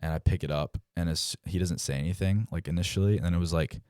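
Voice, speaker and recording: Super deep young guy, smooth voice, chatty storyteller, acts out the other people's lines. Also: quick pace, no echo, clean studio sound. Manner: animated, acts out quoted dialogue, frequent "like". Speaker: pro baseball player guest. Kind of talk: casual storytelling.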